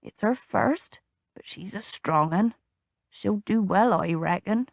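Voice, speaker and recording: A woman's voice: mid-range voice, takes it slowly, gravelly, no room sound, clean studio sound. A woman voicing an old, folksy country stable hand who talks in rural dialect, in an audiobook. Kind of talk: audiobook character voice.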